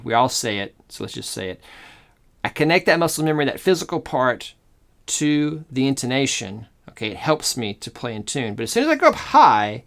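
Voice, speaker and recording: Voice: medium pitch, big pitch swings, a little fast, vocal fry, fairly bright tone. A cello teacher giving a demonstration lesson, explaining step by step, thinking aloud and often checking in with the listener. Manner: explanatory, checks in often with "okay?" and "all right?"; thinks aloud and corrects itself mid-sentence. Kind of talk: online music lesson, demonstrating.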